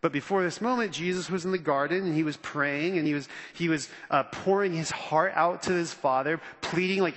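A man preaching a sermon as pastor, animated and conversational, acting out the quotes he reads. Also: on the high side, fairly quick, hardly any pauses, big-room sound.

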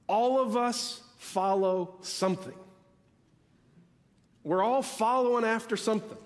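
A man preaching a sermon as pastor, emphatic, repeating key phrases with dramatic pauses. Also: high-pitched, long reverb tail.

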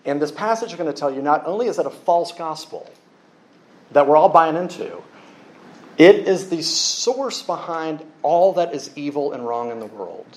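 A man preaching a sermon, lively and joking with the congregation. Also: a little high, normal speed. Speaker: pastor.

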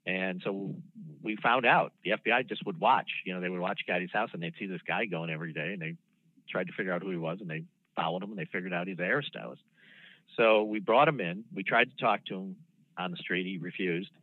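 His voice is low and a little rough, coming through a dry phone line without echo. He's a sixty-something ex-federal prosecutor guesting on an easygoing interview, recounting a case at a measured pace with frequent fillers and false starts.

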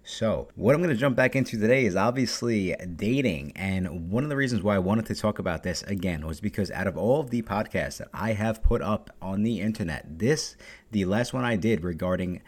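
A man's voice: fairly low pitch, expressive. A young man hosting his own podcast alone, talking bluntly and swearing constantly in a casual monologue. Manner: profane, blunt, fast-talking. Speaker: podcast host.

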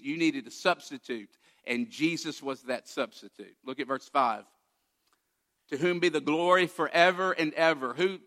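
A man's voice: on the high side, sharp tone. A man preaching a sermon as pastor, emphatic and direct, guiding listeners through a passage and posing rhetorical questions.

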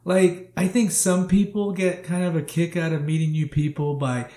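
A man who drives for a rideshare service, telling stories in a casual, animated chat full of "like". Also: fairly high pitch, normal speed. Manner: animated, laughing, leans on "like". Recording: roomy echo.

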